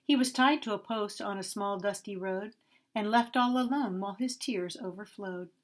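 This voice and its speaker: A woman reading a rhyming story aloud to children at a church, expressive and sing-song. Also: medium pitch.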